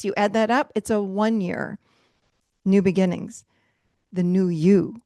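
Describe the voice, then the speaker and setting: A middle-aged woman coaching a virtual mastermind group, emphatic and animated, laughing often as she teaches over a video call. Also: medium pitch, no echo, clean studio sound. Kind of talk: live motivational teaching.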